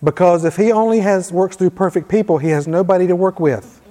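In a church hall with long reverb, a man preaches a sermon conversationally, reading scripture aloud with emphasis. His voice sits high and has a dark tone, and he speaks briskly.

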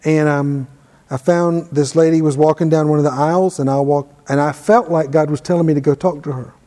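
A man's voice: a little high, steady tone, a little fast, dark tone, in a large hall. A man teaching informally and telling a personal story, conversational and self-deprecating. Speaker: ministry teacher.

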